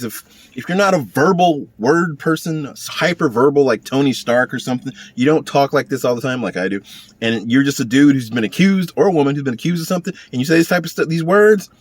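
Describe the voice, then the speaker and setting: A man reading through a list of words for a video, chatting casually about each one with dry offhand humor and acting out little example lines. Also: mid-range voice. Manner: muses aloud and acts out little example lines. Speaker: YouTuber reading a word list. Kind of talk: casual off-the-cuff commentary.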